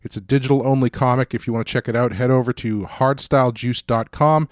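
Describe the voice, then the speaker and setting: A male podcast host with an upbeat, clear delivery, pitched in a middle register. The recording is dry, with no room echo. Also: steady tone, fast. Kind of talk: casual podcast chat and self-promo read.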